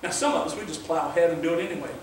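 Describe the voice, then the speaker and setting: A man's voice: fairly high pitch, rapid-fire, a little hiss or hum. A male pastor preaching a sermon in an earnest, conversational way, weaving in scripture readings. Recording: very echoey room, mic far off.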